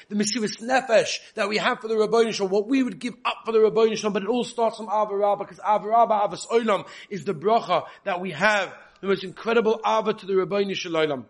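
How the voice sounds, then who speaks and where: A man's voice: high-pitched, fast, hardly any pauses. A man giving a spoken Torah class, reading Hebrew texts aloud and explaining them in with frequent repetitions. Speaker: Torah teacher.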